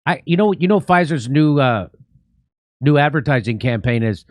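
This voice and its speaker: A man's voice: medium pitch, expressive, moderate pace, dry recording. A man hosting a show, giving sarcastic commentary with mocking asides. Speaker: show host.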